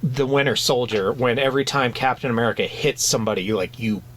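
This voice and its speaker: A man's voice: mid-range voice, steady tone, fast, a little hiss or hum. Man chatting casually, full of restarts. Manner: conversational, hesitant with many restarts and fillers. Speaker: podcast co-host. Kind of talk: casual chat.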